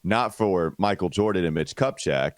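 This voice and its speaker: A man's voice: deep voice, animated, moderate pace, dry recording, studio quality. A man hosting a casual sports podcast, talkative and teasing his co-host. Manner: teasing, talkative, reads ad copy.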